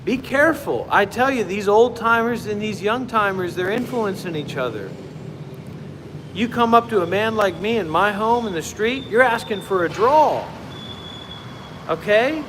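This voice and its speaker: A man's voice: high voice, expressive, a little slow, long reverb tail, noisy background, voice pushed up. A man playing a boastful old-time gunslinger. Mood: swaggering. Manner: swaggering, warning, drawling boasts.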